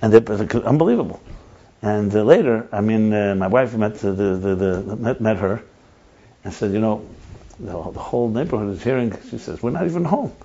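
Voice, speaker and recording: A man leading a casual group discussion, talking in an animated way and often restarting and repeating words as he tells stories. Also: fairly low pitch, normal speed. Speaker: lead speaker in a group discussion. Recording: dull lo-fi recording.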